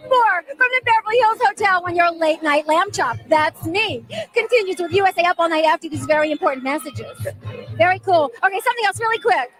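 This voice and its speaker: A woman's voice: extremely high pitch, lively intonation, brisk, fairly bright tone, faint music behind. A woman hosting a late-night TV show, interviewing celebrities in a bubbly, gushing manner and calling herself by name. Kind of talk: red-carpet celebrity interviews.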